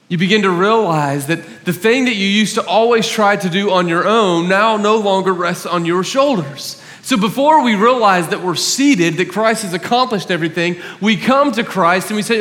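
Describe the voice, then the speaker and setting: A man's voice: high-pitched, fairly bright tone. A male pastor giving an earnest sermon, telling stories about himself with self-mocking humor. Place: church hall. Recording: long hall reverb.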